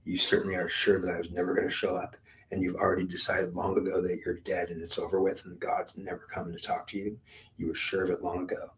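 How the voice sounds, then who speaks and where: Deep-voiced man in his fifties, whispering often. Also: monotone, fast, poor audio. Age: 50s. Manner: rambling, intense, often drops to a low whisper. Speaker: speaker recounting talks with God. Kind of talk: unscripted spiritual monologue.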